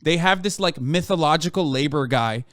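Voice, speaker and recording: Profane, ranting streamer man, high voice. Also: lively intonation, normal speed, fairly bright tone, no echo, clean studio sound. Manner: profane, heated, sarcastic. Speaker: streamer reacting to news. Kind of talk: ranting commentary.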